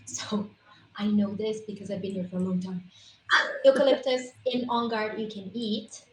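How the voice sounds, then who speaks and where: A woman's voice: medium pitch, fairly even intonation, moderate pace, a little mellow, roomy sound, slight background noise, poor audio. A woman on a casual livestream, explaining essential oils in a persuasive, emphatic, informal way.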